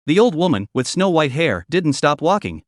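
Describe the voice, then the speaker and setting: A man narrating a recap story in a scripted, lively storytelling manner. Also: on the high side, moderate pace, no room sound, studio quality.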